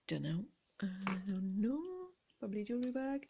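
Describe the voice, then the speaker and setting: A woman chatting gently as she shows her vintage jewellery finds. She talks quietly, often slipping into whispers, with playful asides. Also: a little high, big pitch swings, moderate pace, vocal fry, muffled recording, a little hiss or hum. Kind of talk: relaxed show-and-tell chat.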